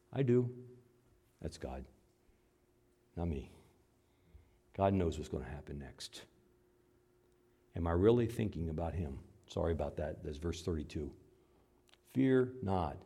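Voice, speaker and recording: Man, pastor, middle-aged, sermon, animated delivery, wide-ranging pitch. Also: a little slow, pauses often, slightly rough. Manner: animated, swinging from loud high outbursts to low quiet asides; voices God and doubters in dialogue.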